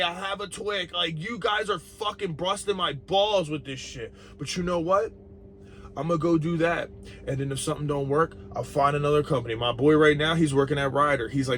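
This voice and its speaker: A man's voice: on the high side, fairly quick, a bit bright, a little hiss or hum. A young adult man, a truck driver, talking bluntly and profanely in a casual vlog monologue.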